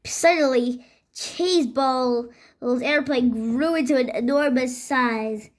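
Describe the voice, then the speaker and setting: High-voiced woman reading a children's book. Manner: halting, with slips and restarts. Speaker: reader.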